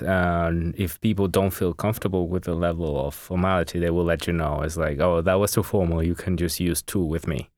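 Deep-voiced man patiently teaching Spanish. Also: no room sound, studio quality. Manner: patient, explanatory, gives examples. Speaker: Spanish teacher and podcast co-host. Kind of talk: patient grammar explanation.

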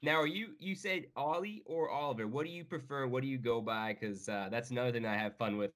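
A man co-hosting a podcast who banters and teases with a playful, easygoing delivery. His voice has a bright, forward edge. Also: medium pitch, fairly quick. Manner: playful, teasing. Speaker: podcast co-host. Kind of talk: casual interview chat.

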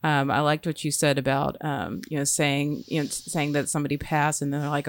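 A woman's voice: low voice, fairly even intonation, normal speed, creaky, hardly any pauses. A woman hosting a casual talk, affirming her guest and sharing her own experiences. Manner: warm affirming listener, frequent mm-hmms. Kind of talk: casual conversation.

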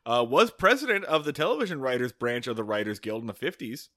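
A man on a comedy podcast with a lively, bouncing pitch and a bright, sharp edge. He jokes dryly, teases, and drops casual swears, recorded close and dry. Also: fast, no echo. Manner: sarcastic, joking banter with swearing. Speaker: podcast co-host.

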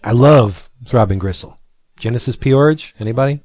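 A man's voice: mid-range voice, normal speed, darkish tone, dry recording. Joking man on a dry mic. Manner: joking, stammers on repeats. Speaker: podcast co-host. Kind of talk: casual chat.

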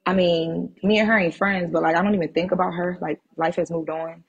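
A woman guest on a podcast, telling a personal story in a casual, animated and blunt way, swearing freely. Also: lowish voice, fairly quick, husky, dull audio.

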